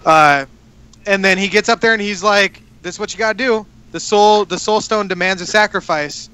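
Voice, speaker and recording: Bright, high-pitched man recapping casually. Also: moderate pace, clean tone, dry recording. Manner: rambling plot recap full of swearing and fillers. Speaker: podcast co-host. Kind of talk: casual chat.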